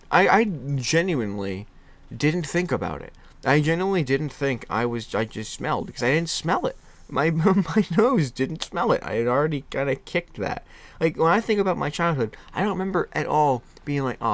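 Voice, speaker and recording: A young man in his twenties tells a personal story in a casual, self-mocking way. His voice moves a lot, with big swings of pitch as he laughs at himself. He keeps stopping and restarting mid-sentence. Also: a bit bright. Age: 20s. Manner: self-deprecating, laughs often, many restarts. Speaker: podcast host.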